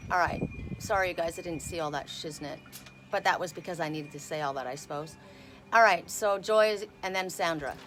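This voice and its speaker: A woman's voice: lowish voice, fairly quick, music in the background. A woman reading oracle cards on a casual live stream outdoors, talking bluntly and swearing freely. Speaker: oracle card reader.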